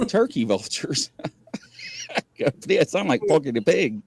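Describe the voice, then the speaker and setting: Lively man telling a tall tale. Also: on the high side, takes it slowly, gravelly, slight background noise. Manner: animated, rambling storyteller who laughs often. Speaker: host of a paranormal variety show. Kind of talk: casual livestream chat.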